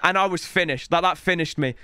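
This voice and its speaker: A young man, reacting loudly to match footage as a YouTuber, shouting at the screen and bantering in slang. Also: a little high, brisk. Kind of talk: excited reaction commentary over match footage.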